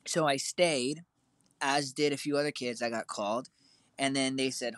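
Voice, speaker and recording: A man's voice: medium pitch, steady tone, normal speed, a bit bright, no echo. A teenage boy co-hosting a casual chat, telling a long story with lots of fillers and restarts. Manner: rambling, filler-heavy storytelling.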